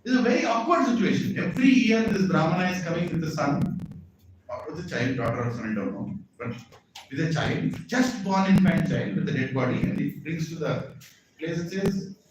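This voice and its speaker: A man, telling a scriptural story as a sermon with lively asides to his audience. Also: on the high side, brisk. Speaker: spiritual speaker. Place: large hall at a community event. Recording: echoey hall, voice far from mic, faint noise.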